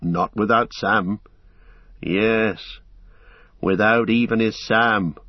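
A man's voice: fairly low pitch, fairly even intonation, drawn-out words, dry recording, highs cut off. A man reading aloud, voicing a loyal, worried male hobbit servant. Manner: earnest, rustic and worried.

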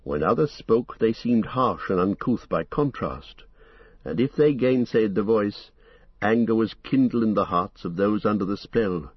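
A man reading a fantasy novel as an audiobook, in a steady, measured way. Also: lowish voice, husky, dry recording, muffled recording. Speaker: narrator. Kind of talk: scripted audiobook narration.

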